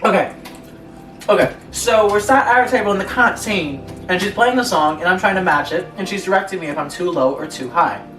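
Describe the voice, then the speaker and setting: A young woman with a fairly low, bright voice co-hosts a casual chat, talking fairly quickly and giggling as she reads online stories aloud with frequent laughing asides. The echoey room has slight background noise and music behind her, and she sits distant from the mic.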